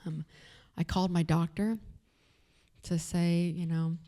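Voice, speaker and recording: Woman with a Texas accent, low and mellow voice, candid personal talk at an event, loose with fillers. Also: level tone, unhurried, pauses often. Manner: candid, conversational, frequent fillers. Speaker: event speaker. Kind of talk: personal story told to an audience. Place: event venue.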